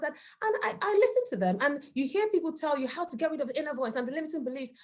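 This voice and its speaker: A woman's voice: high voice, expressive, fast, hardly any pauses, a little mellow. A woman giving a parenting talk, earnest and emphatic, asking the audience rhetorical questions. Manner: acts out quoted voices of children and parents. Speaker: parenting workshop speaker. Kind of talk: presentation talk with slides.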